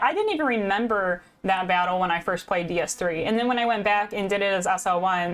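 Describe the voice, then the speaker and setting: Chatty, self-mocking young Midwestern woman streamer. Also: mid-range voice. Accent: Midwestern American with a slight Canadian lean. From Midwest United States. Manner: chatty and self-deprecating, laughs often. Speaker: game streamer. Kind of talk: casual chat with live viewers. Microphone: desk microphone.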